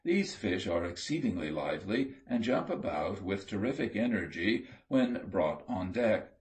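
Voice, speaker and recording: A man reading an audiobook sea story aloud in a steady, measured storytelling manner. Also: fairly low pitch. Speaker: audiobook reader. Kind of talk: scripted narration.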